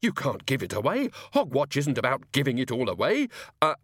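A man's voice: medium pitch, wildly swooping pitch, a little fast, a bit bright, no echo, studio quality. A man doing a flustered, stammering shopkeeper. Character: nervous, flustered male shopkeeper.

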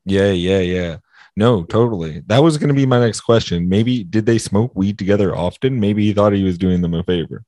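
A man's voice: fairly low pitch, moderate pace, warm tone, dry recording. A young man co-hosting a casual podcast over a video call, teasing and swearing through laughing rants. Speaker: podcast co-host.

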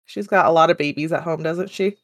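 A woman steers a casual podcast chat with teasing, sarcastic remarks. Her voice sits somewhat low and comes across dry, with no room sound. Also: a little fast, dry recording. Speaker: podcast co-host.

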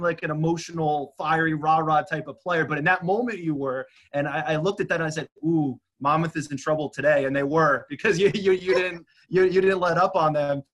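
A man's voice: a little high, fairly bright tone. A man hosting an interview, chatty and stumbling over his words as he asks questions. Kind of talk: casual interview.

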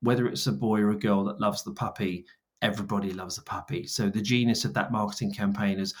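A man's voice: fairly low pitch, fast. 40s guy on a podcast spinning stories, does little voices for the people he quotes. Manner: animated, acts out dialogue in quoted voices. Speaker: guest, brand founder. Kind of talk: storytelling interview answers.

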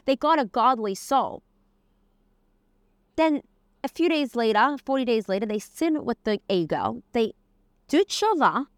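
A woman's voice: a little high, expressive, a little slow, pauses often, no room sound, clean studio sound. Woman teaching a casual Torah lesson. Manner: conversational, dropping Hebrew terms and verses. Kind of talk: casual spoken lesson on the weekly portion.

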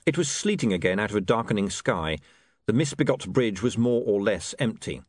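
A man's voice: lowish voice, animated, fairly quick, no echo. A man narrating an audiobook in a dry, wry manner. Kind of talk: scripted narration.

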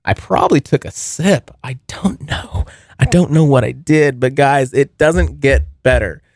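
A man's voice: medium pitch, measured pace, creaky, no room sound, studio quality. A young man hosting a podcast from a basement, telling a rambling story full of swearing, talking to his listeners as bros. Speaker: podcast host. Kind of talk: casual storytelling monologue. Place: basement near a furnace.

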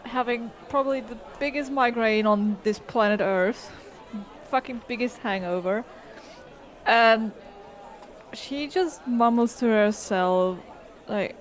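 A woman's voice: fairly high pitch, slow, a faint crowd. A woman player in a tabletop game, narrating her character's actions in a laid-back way. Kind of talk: tabletop role-play narration.

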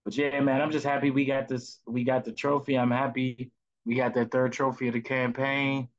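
Guest dude on a podcast, relaxed, slangy, audio a bit muffled. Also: male voice, mid-range voice, moderate pace. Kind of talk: casual chat.

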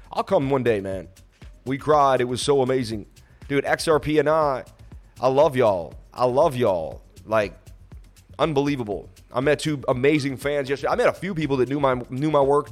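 Casting: male crypto streamer, rambling and heartfelt, faint music underneath. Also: mid-range voice. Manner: rambling, emotional, pleading for likes. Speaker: crypto livestream host. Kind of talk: casual livestream chat reading viewer comments. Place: traveling, streaming from Miami.

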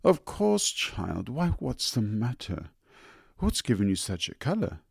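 A man's voice: mid-range voice, wildly swooping pitch, unhurried, gravelly, darkish tone, husky, no echo, studio quality, pitched above the performer's own voice, full character voice. A man voicing a middle-aged upper-class mother who speaks in an airy, dismissive way.

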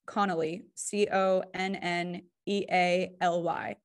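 Chatty woman cohost, kinda low voice, says like a lot. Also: level tone, takes it slowly, clean tone. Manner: chatty, lots of "like" and "right?". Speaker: podcast co-host. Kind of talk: casual podcast chat.

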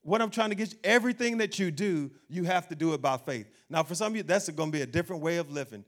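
A man preaches with lively energy, and his voice sits a little higher than most men's. He acts out the worried voices of doubters and laughs now and then. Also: fast talker, few pauses. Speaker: pastor. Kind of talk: sermon.

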